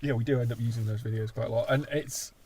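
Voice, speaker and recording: An English man co-hosting a casual podcast chat, throwing in dry, deadpan quips. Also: mid-range voice, fast talker, slightly rough. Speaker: podcast co-host.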